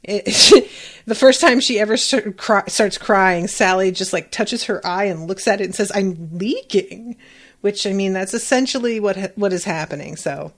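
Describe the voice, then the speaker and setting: A woman hosts a podcast in a loose, chatty manner, reacting to what she watches as she goes. She gets animated often and swears freely. Her voice sits at a middle pitch. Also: moderate pace. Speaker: podcast host. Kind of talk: casual reaction commentary.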